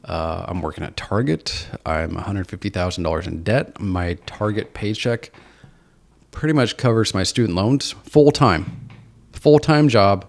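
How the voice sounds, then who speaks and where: A man's voice: on the low side, a little slow, creaky. A man from Seattle, a podcast guest, candidly telling his personal story in an earnest, self-deprecating, reflective way. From Seattle, USA.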